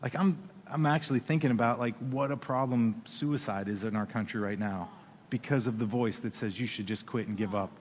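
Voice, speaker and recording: A man preaching a sermon as pastor, animated, with playful asides and acted-out quoted voices. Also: mid-range voice, fairly quick, big-room sound, a little hiss or hum.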